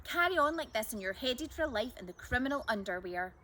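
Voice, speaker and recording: A woman's voice: on the high side, animated, brisk, sharp tone, a little hiss or hum. A woman voicing an indignant, fussy old lady who scolds, tuts and muddles up her words. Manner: squawking, tutting and scolding.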